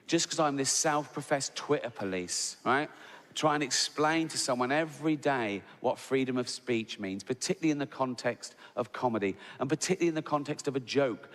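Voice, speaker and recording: A man doing stand-up comedy, telling a long story and mocking people with put-on voices. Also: mid-range voice. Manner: animated, mocking voices in quoted lines. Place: large theatre stage. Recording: live theatre with long reverb and loud crowd ambience.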